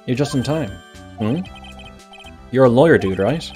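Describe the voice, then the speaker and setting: A man's voice: mid-range voice, expressive, moderate pace, dark tone, faint music behind, voice pushed up, close to an everyday voice. A man voicing a laid-back, self-absorbed young male celebrity in a game, in a loose casual tone.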